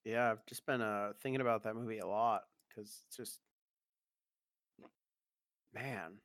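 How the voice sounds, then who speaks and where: A man co-hosting a podcast in casual chat, halting with fillers and laughing easily. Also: fairly low pitch, steady tone, fairly bright tone, no echo, studio quality. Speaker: podcast co-host.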